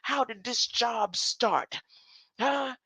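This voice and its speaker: An older woman rambles through a loose online monologue, her voice bright and forward. She keeps tossing in "huh?" and little chuckles, and the sound is close and dry. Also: a little high, extremely slow, vocal fry, slightly rough, no room sound. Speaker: online commentator.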